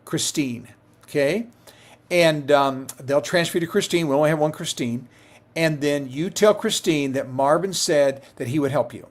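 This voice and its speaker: A man's voice: a little high, normal speed. A middle-aged man who works as a Medicare insurance agent, answering viewer questions on a live stream in a conversational way, with many fillers and restarts.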